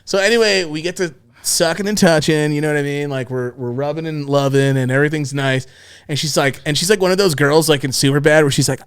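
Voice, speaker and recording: A man's voice: fairly high pitch, a little fast, clean tone. A young man hosting a podcast, telling a crude story in a casual, rambling way with lots of swearing and fillers. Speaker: podcast host.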